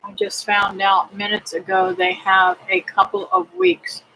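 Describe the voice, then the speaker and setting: A middle-aged woman hosting a casual livestream, praying aloud and chatting with viewers in a slow, homely way. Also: mid-range voice, very animated, creaky, bright, forceful tone, slight background noise, low-quality recording. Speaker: homestead livestream host. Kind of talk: casual livestream chat reading comments.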